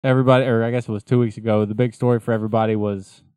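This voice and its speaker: Swearing, laughing podcast host. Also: male voice, lowish voice, little pitch movement, very fast, warm tone, clear, resonant tone, dry recording. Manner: profane, laughing, loose storytelling. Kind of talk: casual banter.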